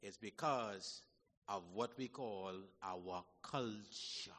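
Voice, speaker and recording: A man preaching a sermon in a church hall, folksy and animated, swinging from shouts to low asides. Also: takes it slowly. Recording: long hall reverb.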